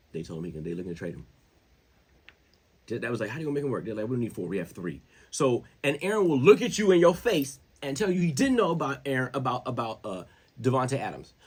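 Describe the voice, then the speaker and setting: Husky-voiced man riffing on football. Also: medium pitch. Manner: animated, slangy, rambling with restarts. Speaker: show host. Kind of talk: casual sports commentary.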